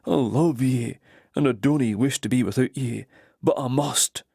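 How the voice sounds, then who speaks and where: A man voicing a passionate Highland warrior in an audiobook, speaking in an earnest, pleading Scottish brogue. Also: unhurried, gravelly, warm tone, slightly rough, no echo, studio quality. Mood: tender. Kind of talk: audiobook character voice.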